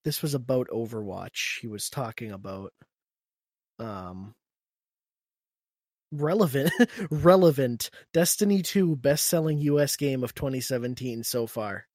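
Sarcastic podcast dude, laughs a lot, swears, dry close mic sound. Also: male voice, mid-range voice, unhurried, pauses often, darkish tone, no echo. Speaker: podcast co-host. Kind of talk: casual podcast banter.

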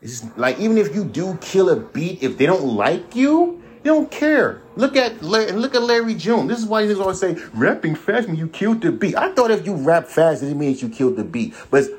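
A man's voice: sits high, very animated, moderate pace, hardly any pauses. A man hosting a podcast alone, ranting bluntly with heavy profanity and repeating himself. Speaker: podcast host. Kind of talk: solo ranting monologue.

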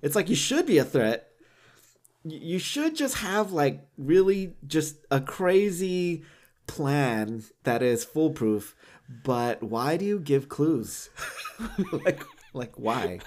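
A man's voice: on the high side, big pitch swings, slow pace, darkish tone. A man co-hosting a podcast in casual chat, who laughs often, fills his talk with "like", and acts out what others might say. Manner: laughs often, many "like" fillers, acts out quoted voices. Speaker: podcast co-host.

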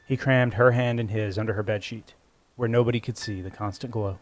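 A man narrating a story in a measured, even storytelling voice. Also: fairly low pitch. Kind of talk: scripted audiobook narration. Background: faint music score.

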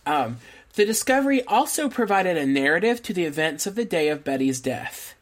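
A woman's voice: fairly low pitch, fairly quick. Laughing woman telling a true crime story. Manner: laughs often, relaxed storytelling with asides. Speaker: podcast co-host telling a true crime case. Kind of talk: casual true crime chat.

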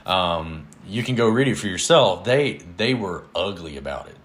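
Low-voiced earnest man. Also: expressive, a bit bright. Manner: earnest, measured, with fillers and little laughs. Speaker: podcast host, Bible teacher. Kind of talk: casual Bible teaching talk.

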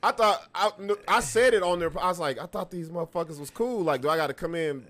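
Man, podcast co-host, a bit high-pitched, animated storyteller, swears freely. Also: fast talker. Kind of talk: casual banter with co-host.

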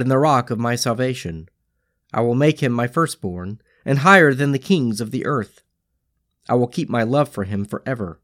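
A man reading psalms and a prayer aloud in a measured, solemn way as a podcast reader. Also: medium pitch.

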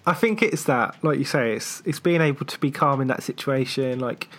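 A woman hosting a conversation, reflecting thoughtfully and hesitantly, with frequent "um" pauses. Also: extremely low pitch.

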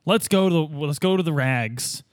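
A man's voice: on the high side, moderate pace, no echo, studio quality. A man playing a tabletop role-playing game in a casual, playful way. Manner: playful, lively. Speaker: player.

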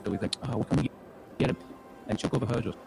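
A man's voice: mid-range voice, rapid-fire, gravelly, background noise. A man, game master telling an in-character story in a rambling way, acting out quoted lines. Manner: rambling, full of restarts and acted-out quotes.

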